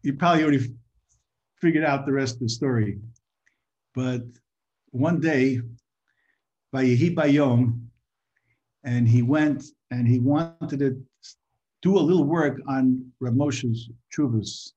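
A man giving an informal Torah talk to a group, halting and repeating his words, sometimes asking the audience questions. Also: medium pitch, a little mellow. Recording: muffled lo-fi recording.

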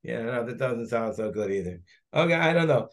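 A man's voice: mid-range voice, expressive, a little fast. A man, a rabbi, teaching a Talmud class, thinking aloud as he searches through the text and digresses.

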